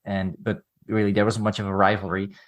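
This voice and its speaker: A man's voice: on the low side, flat delivery, fairly quick, fairly bright tone. A man co-hosting a film podcast, chatting casually and telling rambling stories with wry, jokey asides. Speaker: podcast co-host.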